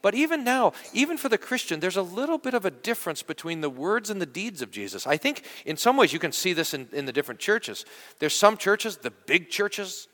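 A man preaching a sermon as pastor, talking in an animated, conversational way, often restarting and repeating words. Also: sits high, brisk, big-room sound. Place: church.

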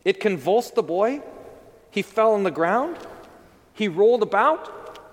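A man with a slightly high voice preaches as pastor, retelling the story and briefly acting out its voices. His words ring out with a long reverb, as in a church. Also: lively intonation, unhurried. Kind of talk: sermon.

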